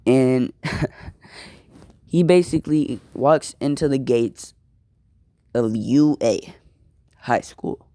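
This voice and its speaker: A man's voice: mid-range voice, drawn-out words, pauses often, warm tone, no echo. A young man casually improvising a fan-fiction story, slangy and rambling, often repeating words.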